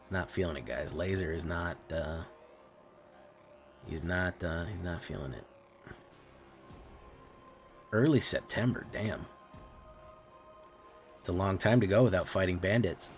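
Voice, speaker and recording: A man's voice: low voice, a little slow, long pauses, faint music behind. A man streaming a card game, casually commenting on plays and teasing his chat in a playful way. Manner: playful, teasing, talks to viewers.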